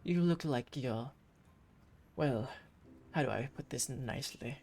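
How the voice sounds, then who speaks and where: A woman's voice: a bass voice, a little slow, a little mellow, voice pushed down, full character voice. Woman voicing a grumpy, reluctant male ranger. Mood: dismissive. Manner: blunt, hesitant, stammers when cornered.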